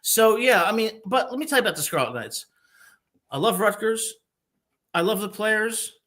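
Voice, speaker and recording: Boisterous bright-voiced man host. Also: high-pitched, moderate pace. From New Jersey. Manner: boisterous, jokey, animated storytelling. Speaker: podcast host. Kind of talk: casual sports talk.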